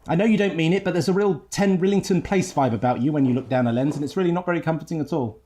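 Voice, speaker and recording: A man's voice: on the high side, very fast, dark tone, a little hiss or hum. A man doing a comic overdub, scolding and exasperated. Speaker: comedy voice-over mocking a politician.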